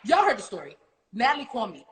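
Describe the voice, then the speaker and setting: A woman's voice: on the high side, fast talker. A woman hosting a casual podcast chat, telling a dramatic story with lots of swearing and quoted dialogue. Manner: animated storytelling, swearing, quoting others. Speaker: podcast host. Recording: echoey room with faint noise.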